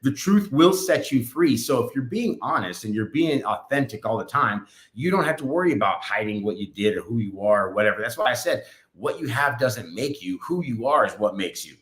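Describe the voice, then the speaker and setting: A man's voice: mid-range voice, expressive, a little fast, few pauses, fairly bright tone, reverberant. A man co-hosting a podcast, telling a rambling, upbeat story in casual chat. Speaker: podcast co-host. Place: podcast studio.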